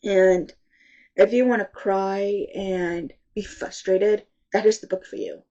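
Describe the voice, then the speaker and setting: A woman reviewing books in a casual, rambling chat, halting often and sounding congested from allergies. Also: medium pitch, steady tone, dark tone, lo-fi sound. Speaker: book reviewer.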